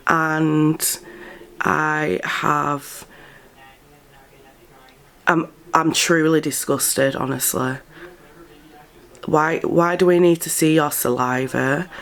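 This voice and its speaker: A woman's voice: rumbling low, slow pace. A woman giving blunt, incredulous gossip commentary and swearing freely. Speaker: commentary vlogger.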